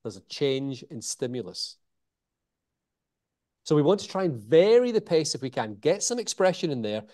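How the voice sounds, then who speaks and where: A man, a guest in an interview, explaining communication techniques in an animated way, changing his pace and pausing for emphasis. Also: on the high side. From Scotland. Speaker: communication author and trainer.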